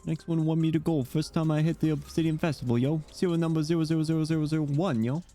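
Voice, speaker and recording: Dude reading as a chill swaggering penguin rapper, kinda high voice, slangy. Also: male voice, fairly even intonation, quick pace, dark tone, natural voice. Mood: cocky. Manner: laid-back slangy swagger, ending lines with yo.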